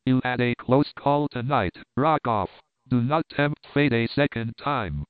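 Guy reading as a bitter officer hissing threats, clear voice, thin phone-like sound. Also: mid-range voice, unhurried, no room sound, close to an everyday voice. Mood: menacing. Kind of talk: audiobook reading. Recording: crisp, dry, phone-like narrow sound.

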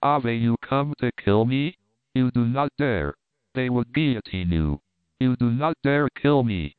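A man's voice: mid-range voice, expressive, unhurried, no room sound, natural voice. A man reading the lines of a cruel, cowardly villain in an audiobook, with a sneering manner. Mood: frightened. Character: cruel, cowardly man, gloating then terrified. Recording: crisp, dry, phone-like narrow sound.

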